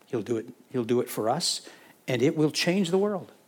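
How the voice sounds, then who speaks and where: A male pastor preaching a sermon and leading prayer, fervent, building from quiet talk to urgent pleading and repeating phrases for emphasis. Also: mid-range voice, animated, normal speed, slightly rough.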